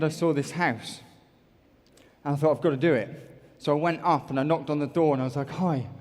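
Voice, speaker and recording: Upbeat man speaking in a big hall. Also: sits high. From United Kingdom. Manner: energetic, jokey, bantering with the crowd. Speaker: motivational speaker. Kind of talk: stage talk to a large audience. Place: large auditorium. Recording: echoey large hall.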